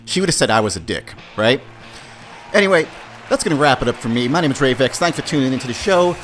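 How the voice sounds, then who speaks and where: A male podcast host tells a story about himself in a loose, profane way and keeps calling his listeners "guys." His pitch leaps around as he moves from shouted disbelief to quiet grumbling. Soft music plays faintly in the background. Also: animated, quick pace. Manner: swings from shouted disbelief to low mutters. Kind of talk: casual storytelling monologue.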